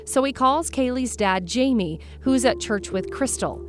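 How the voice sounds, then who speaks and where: A woman host giving measured, scripted true-crime narration. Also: on the high side. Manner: measured, storytelling delivery. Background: background music.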